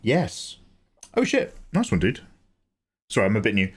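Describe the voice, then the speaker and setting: Lively English man chatting on stream. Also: on the low side, moderate pace, breathy edge. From England. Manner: chatty, animated, swears and laughs easily. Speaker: livestream host. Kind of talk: casual livestream chat.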